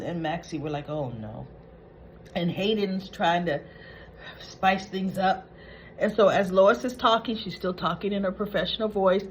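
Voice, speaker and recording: A woman's voice: fairly low pitch, slight background noise, low-quality recording. Chatty woman recapping a soap. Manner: chatty, retells scenes acting out quoted lines. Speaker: soap opera recap host. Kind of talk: casual spoken episode recap.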